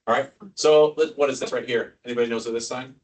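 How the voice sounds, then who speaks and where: A man's voice: mid-range voice, fairly even intonation, fast talker, recorded from a distance. A man, a neurosurgeon, giving an informal teaching lecture to ICU staff, quizzing the room and joking as he goes. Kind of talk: casual teaching lecture with quiz questions.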